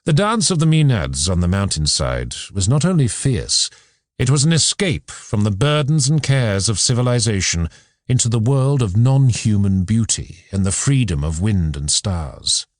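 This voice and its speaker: Reading scripted narration from a philosophy text, this male audiobook narrator has a fairly low pitch and a measured, expressive delivery. The recording is dry and cleanly studio-made.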